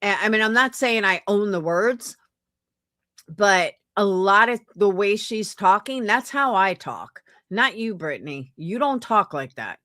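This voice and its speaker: A woman's voice: medium pitch, animated, measured pace, sharp tone, no room sound, studio quality. A woman streamer giving blunt, casual commentary on a clip, swearing freely. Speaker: streamer reacting to clips.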